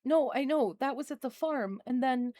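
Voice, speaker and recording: A woman's voice: high-pitched, moderate pace, warm tone, no echo, clean studio sound, close to an everyday voice. A woman voicing a stammering frightened little boy. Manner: stammering, repeating words.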